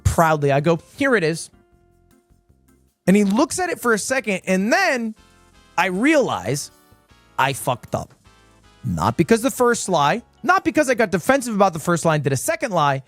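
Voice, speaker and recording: A man in his twenties telling a rambling story on his stream, swinging between low mutters and high exclamations. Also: a bit bright, no echo. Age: 20s. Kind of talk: casual storytelling.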